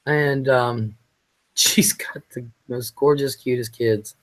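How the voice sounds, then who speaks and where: A man hosting a late-night casual chat show, rambling and halting with fillers as he talks. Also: medium pitch, fairly even intonation. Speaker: show host.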